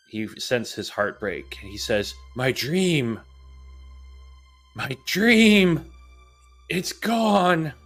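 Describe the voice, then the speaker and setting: A man narrating a tabletop role-playing game as game master, calm and descriptive, with frequent "uh". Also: fairly low pitch, clean tone.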